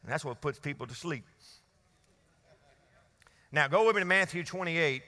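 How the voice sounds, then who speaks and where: A pastor delivers a Wednesday sermon in a high voice with lively intonation, moving at a moderate pace and calling on the congregation to respond. His tone is bright and forceful, and the church hall's long reverb trails every phrase.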